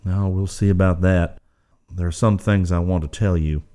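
A man voicing the Lone Ranger, deep and firm. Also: steady tone, moderate pace, dark tone, natural voice. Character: calm, steady masked male hero, firm and watchful. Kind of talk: audiobook character voice.

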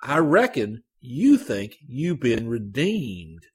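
A sullen young Tennessee man, put on by a male narrator talks in a high, nasal, pushy voice with a husky edge. He is sour and brooding, pressing his point in a storybook reading. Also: animated, moderate pace, fairly bright tone. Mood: sullen, insistent.

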